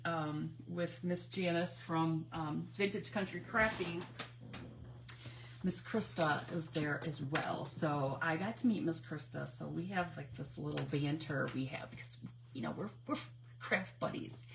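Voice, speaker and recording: A woman hosting a live crafting stream chats casually and ramblingly as she crafts, greeting viewers by name and laughing often. Her low, gravelly voice moves a little slowly against a noisy background.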